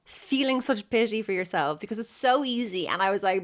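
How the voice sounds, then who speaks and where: A woman's voice: mid-range voice, fast talker, few pauses. An Irish woman in her thirties, a comedian guest, chatting casually and telling stories animatedly. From Ireland. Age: 30s. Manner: animated storytelling, acts out voices. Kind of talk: casual podcast chat.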